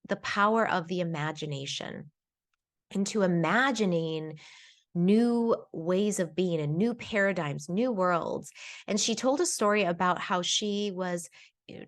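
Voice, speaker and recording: A woman herbal teacher giving an informal lesson, talking conversationally and reflectively with frequent fillers and restarts. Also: lowish voice.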